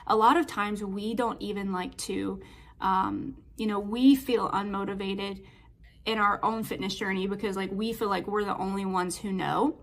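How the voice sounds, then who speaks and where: A woman's voice: mid-range voice, steady tone, normal speed. A woman fitness coach talking in a casual motivational monologue, chatty and storytelling with lots of filler words.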